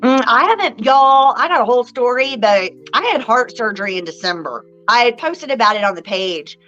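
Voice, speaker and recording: A woman's voice: on the high side, expressive, a little fast, sharp tone, lo-fi sound, faint music behind. A woman co-hosting a live card-reading stream, chatting in a bubbly, theatrical way and laughing often. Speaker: live psychic card reader and co-host. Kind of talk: casual live-stream chat.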